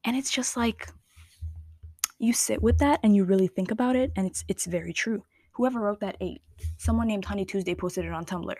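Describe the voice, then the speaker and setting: A woman in her twenties hosting a podcast, talking candidly and casually to listeners in slangy, drawn-out chat. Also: medium pitch, dry recording, clean studio sound. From Somali family. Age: 20s. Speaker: podcast host. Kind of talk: casual personal monologue.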